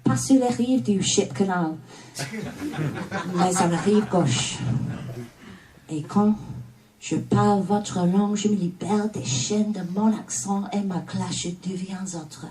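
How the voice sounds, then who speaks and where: A woman's voice: mid-range voice, measured pace, dark tone. Mancunian woman reciting spoken-word poetry. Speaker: poet. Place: live music studio venue. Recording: distant live room sound.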